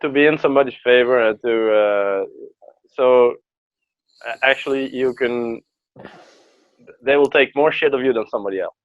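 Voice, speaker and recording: A man's voice: mid-range voice, normal speed, pauses often, no room sound. A man co-hosting a casual podcast, hesitant and searching for words. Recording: dull lo-fi dry sound.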